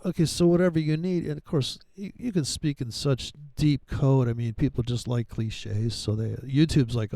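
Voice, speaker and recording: A man's voice: mid-range voice, steady tone, moderate pace, hardly any pauses, mellow, dry recording. A man giving casual trading commentary over his charts, rambling and profane, with sarcastic asides. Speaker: forex trading educator.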